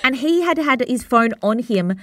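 A woman's voice: a little high, lively intonation, normal speed, a bit bright, no room sound, clean studio sound. A pregnant woman in her thirties, co-hosting a podcast and telling stories in a chatty way with frequent laughs. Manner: chatty storyteller, laughs often. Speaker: podcast co-host. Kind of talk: casual chat.

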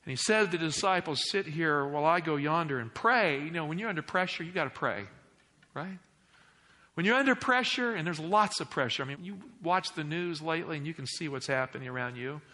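A male pastor delivering an emphatic sermon in a church, swinging between loud declarations and hushed asides. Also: on the high side, fairly quick, big-room sound. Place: church sanctuary.

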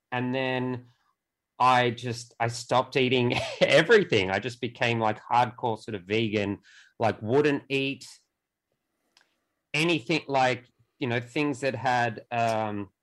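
A young man in a relaxed podcast chat, his pitch sitting in an ordinary middle range. He hesitates often and repeats his words before he gets going. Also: poor audio. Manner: halting, with many restarts and repeated words. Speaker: podcast guest. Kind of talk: casual conversation.

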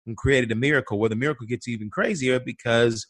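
A man's voice: mid-range voice, fast talker, fairly bright tone, no room sound. Guy from atlanta telling his story on a podcast, does the voices of people he quotes, dry close sound. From Atlanta, USA. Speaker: guest. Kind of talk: personal storytelling in conversation.

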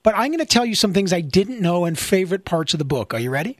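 A man's voice: high voice, very animated, fast, no room sound, clean studio sound. A man hosting a casual interview, playful and teasing, full of jokey asides. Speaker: interview host.

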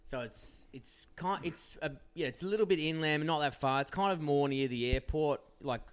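A man's voice: fairly high pitch, normal speed, smooth. An Australian man from Perth, a podcast guest in a casual, sweary chat, telling stories in a laid-back way. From Perth, Western Australia.

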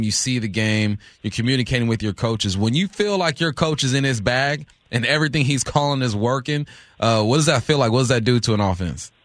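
A man hosting a sports talk show, recorded dry and close in the studio. He asks his guest questions in a relaxed, conversational way. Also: mid-range voice, no room sound. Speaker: radio host. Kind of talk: sports radio chat.

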